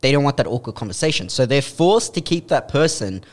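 Young male podcast co-host, relaxed storyteller, mid-pitched voice. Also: a little fast. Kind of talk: casual chat.

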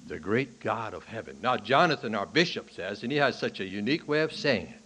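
Man preaching a sermon, swinging loud to hushed. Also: lively intonation, brisk, hardly any pauses, slightly rough. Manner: preaches in bursts, rising loud and high on key points, then dropping low and quiet; asks the congregation questions. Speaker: pastor. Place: church. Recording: archival sermon recording.

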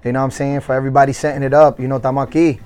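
A man's voice: medium pitch, little pitch movement, very fast, darkish tone, soft background music. A man from Connecticut, a DJ guesting on an interview, talking confidently and switching into Spanish now and then. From Stamford, Connecticut. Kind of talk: casual interview.

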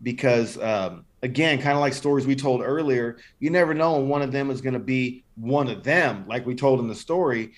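A man's voice: mid-range voice, moderate pace, few pauses. A man co-hosting a podcast, talking bluntly with heavy slang and swearing in casual chat. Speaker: podcast co-host.

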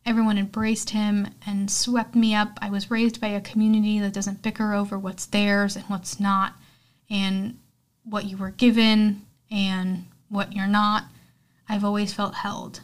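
A woman quoting a gentle young man from a commune who speaks in a soft, reassuring way. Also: mid-range voice, flat delivery, a little slow, close to an everyday voice. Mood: soothing.

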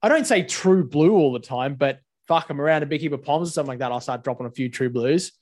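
A man's voice: a little high, quick pace, darkish tone. An Australian man co-hosting a podcast, chatting bluntly and swearing freely. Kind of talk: casual chat.

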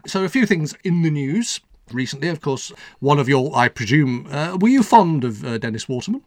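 A man's voice: fairly high pitch, big pitch swings, moderate pace, no echo, studio quality. Wry, rambling male radio presenter. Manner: wry, rambling, self-deprecating. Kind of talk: casual radio chat.

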